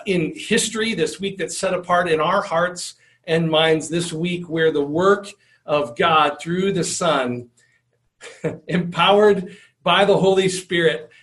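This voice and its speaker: A man's voice: a little high, fairly bright tone. A man preaching a sermon in an earnest way, often repeating words and restarting his phrases. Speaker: pastor.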